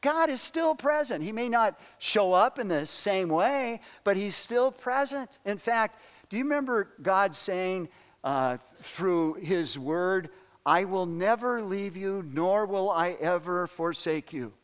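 A man's voice: high-pitched, slow, smooth, long reverb tail. An older man preaching a sermon in an earnest way, repeating words and phrases for emphasis. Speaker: pastor.

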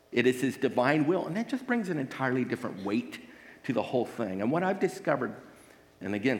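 Male pastor preaching, earnest and emphatic, lots of rhetorical questions, average pitch, long hall echo. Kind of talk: sermon.

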